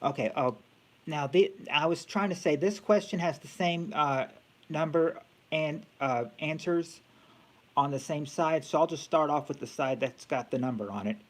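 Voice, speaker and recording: A man's voice: on the high side, normal speed. A man hosting a casual live-stream quiz game, thinking aloud with many fillers and restarts.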